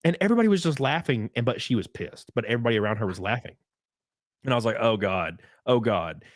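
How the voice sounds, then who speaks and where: A young man in casual podcast chat, rambling through a story with lots of likes and restarts and sudden bursts of excitement. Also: medium pitch, rapid-fire, dry recording, studio quality. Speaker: podcast guest.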